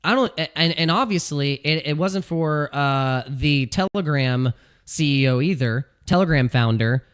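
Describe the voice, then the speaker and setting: Guy vlogging, worked up and ranting, kinda high voice, keeps repeating himself. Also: unhurried, clear, resonant tone. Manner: animated, ranting, repeats phrases, laughs at own jokes. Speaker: crypto YouTuber. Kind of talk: casual talking-head commentary.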